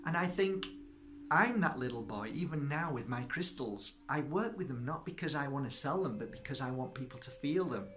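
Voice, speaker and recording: A spiritual healer, a man, telling a personal story in an animated way and acting out both sides of the conversation. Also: medium pitch, normal speed, background noise. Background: background music.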